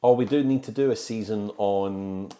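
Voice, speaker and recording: A man's voice: fairly low pitch, normal speed, warm tone. A man co-hosting a film podcast in casual, jokey chat, laughing often and teasing his co-host.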